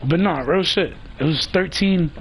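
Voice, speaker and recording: A man's voice: high-pitched, moderate pace, fairly bright tone, a little hiss or hum, rough recording. A man telling a heated, profane story about an online crew feud, acting out what others said. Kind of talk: casual storytelling rant.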